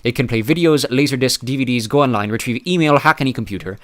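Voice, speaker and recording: An arrogant teenage boy genius, crisp and superior in every word, performed by a man narrating an audiobook. He is pitched up slightly and speaks with careful precision. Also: fast talker, a bit bright, close to an everyday voice. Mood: cool, haughty. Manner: precise, haughty.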